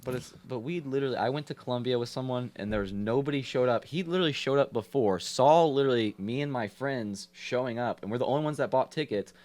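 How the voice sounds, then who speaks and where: A man who guests on a podcast and raps. He tells stories at a quick clip, full of "literally" and "like," in a mid-range voice. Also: mid-range voice, darkish tone. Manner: quick, repetitive storytelling with "literally" and "like". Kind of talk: casual chat.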